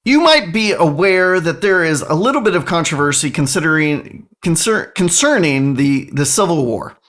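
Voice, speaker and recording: A man's voice: on the high side, expressive, moderate pace, fairly bright tone. Indignant, opinionated man hosting a podcast. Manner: indignant, opinionated, repeats words. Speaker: podcast host. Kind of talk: casual opinion monologue.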